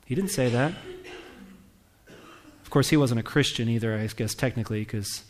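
A man's voice: mid-range voice, normal speed. Conversational male pastor preaching a sermon. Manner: conversational preaching, asks the congregation questions; reads scripture aloud with rising emphasis.

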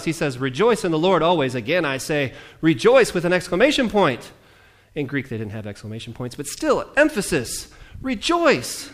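Animated male pastor preaching. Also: a little high. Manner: animated, jokey asides, mimics voices. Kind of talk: sermon.

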